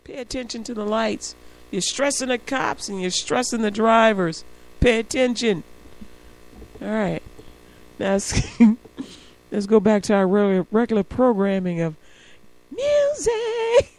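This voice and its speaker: A woman's voice: mid-range voice, unhurried, long pauses. A woman radio host telling a story in a casual on-air monologue. She acts out the voices of the people in it and laughs often between remarks. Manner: animated storyteller acting out quoted voices. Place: radio studio.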